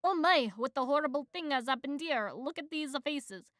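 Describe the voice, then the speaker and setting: A woman voices an urgent young bee hero, pitching her voice above her natural one so it sits high and sounds fairly bright. The delivery is expressive at a moderate pace, captured as a dry, clean studio recording.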